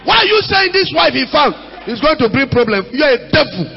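Nigerian pastor guy preaching loud, high voice, echoey hall sound. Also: brisk, vocal fry, some chatter behind. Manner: animated preaching with shouts, mimicry and Pidgin asides. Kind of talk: sermon. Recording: dull sound in a reverberant hall.

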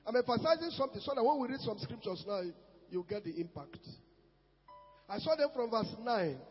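Fervent high-voiced man preaching. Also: lively intonation, fairly quick, breathy edge, in a large hall, muffled recording, faint music behind. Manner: fervent, shouting, repeats phrases, reads scripture aloud. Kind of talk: sermon.

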